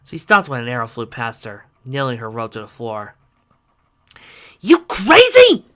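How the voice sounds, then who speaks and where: A reader narrating a fantasy fan fiction story aloud at an even, steady pace. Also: mid-range voice, fairly quick, clear, resonant tone.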